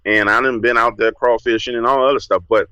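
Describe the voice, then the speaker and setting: New guy telling a story on a podcast, bright forceful voice, dry sound, acts out his own lines. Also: mid-range voice, fairly even intonation, fast, no echo, highs cut off. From New Orleans, USA. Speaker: podcast guest. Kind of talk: casual storytelling.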